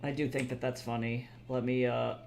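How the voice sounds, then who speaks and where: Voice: mid-range voice, level tone, normal speed, gravelly, darkish tone. A streamer chatting casually and rambling, swearing freely, tired from too little sleep. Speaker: livestreamer. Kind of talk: casual livestream chat.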